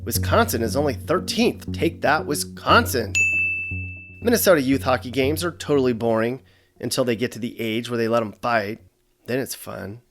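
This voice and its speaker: A man hosting a comedic explainer, narrating in a dry, sarcastic, deadpan way. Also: medium pitch, a little fast, over music. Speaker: host.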